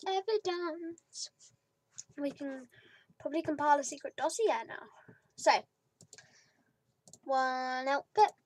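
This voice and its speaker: A young British woman giving rambling, chatty commentary over her video game, filling gaps with "like" and trailing into whispers. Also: sits high. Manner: rambling, chatty, lots of "like" fillers. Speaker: gaming YouTuber. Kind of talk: casual let's-play commentary.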